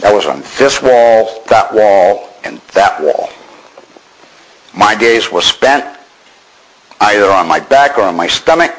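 Older man from Maine, lowish voice, wry understatement, personal storytelling. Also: animated, slow pace, long pauses, fairly bright tone, rough recording. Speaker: veteran telling his war story.

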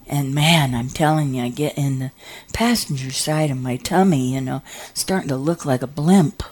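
Low-voiced woman telling a comic story. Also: moderate pace. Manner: animated, drops into hushed whispers for asides. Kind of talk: comic personal story told to an audience.

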